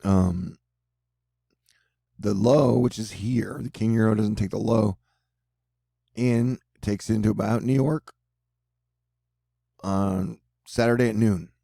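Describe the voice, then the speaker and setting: A man's voice: fairly low pitch, fairly even intonation, takes it slowly, gravelly, long pauses, dark tone, no room sound, clean studio sound. A man with a Texan accent hosting casual storm-tracking commentary over forecast maps, rambling with offbeat jokes. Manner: joking, rambling, offbeat asides. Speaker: weather video host.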